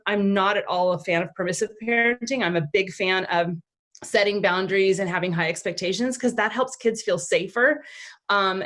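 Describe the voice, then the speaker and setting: A woman talking as a guest parenting expert in a relaxed interview. Her voice sits at an ordinary middle pitch. She tells anecdotes with energy, slipping into acted-out dialogue, with plenty of "um"s and restarts along the way. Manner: animated storyteller who acts out quoted dialogue; frequent fillers and restarts. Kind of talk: casual interview conversation.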